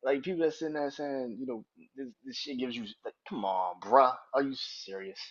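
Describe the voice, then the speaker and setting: A man's voice: medium pitch, moderate pace. A man hosting a solo sports podcast, ranting in a heated, profane, emphatic way. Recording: dull lo-fi recording.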